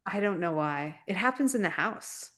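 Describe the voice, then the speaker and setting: Low-voiced woman, reflective co-host. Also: animated, a bit bright. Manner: reflective, searching, halting phrases. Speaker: podcast co-host. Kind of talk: casual spiritual chat.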